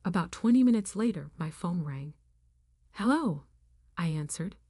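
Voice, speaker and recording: A woman narrating a first-person story in a firm, even reading voice. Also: on the low side, moderate pace, slightly rough, dry recording, studio quality.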